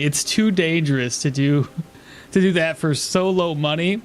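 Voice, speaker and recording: A man's voice: a little high, a little slow, a little hiss or hum. A man streaming a game and chatting casually, joking and laughing often between rambling asides. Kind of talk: casual live gameplay commentary.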